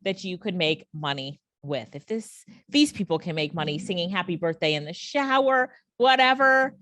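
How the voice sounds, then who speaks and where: A woman's voice: fairly low pitch, animated, normal speed, fairly bright tone, no room sound. A woman hosting a casual online training, reacting with laughter and enthusiasm. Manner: enthusiastic, laughs often, asks the viewer questions.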